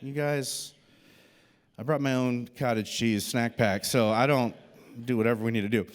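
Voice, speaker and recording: A man's voice: mid-range voice, normal speed, smooth. A man preaching a sermon, telling a personal story and acting out the voices of the people in it. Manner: animated storyteller, acts out quoted voices. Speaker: pastor. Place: church auditorium. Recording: long hall reverb.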